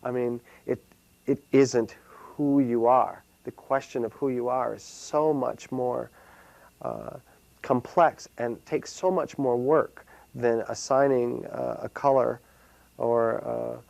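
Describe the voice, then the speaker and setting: Gravelly man, halting and thoughtful. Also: medium pitch, steady tone, darkish tone, no room sound, poor audio. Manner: hesitant, many fillers and restarts. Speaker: solo performer and playwright. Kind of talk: casual interview answers.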